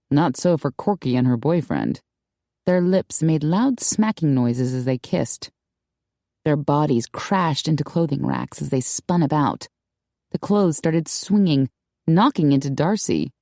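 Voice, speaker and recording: A woman reading a romance audiobook in a measured, unhurried way with wry asides. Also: sits low, warm tone, no room sound, clean studio sound. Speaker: audiobook narrator. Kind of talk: scripted narration.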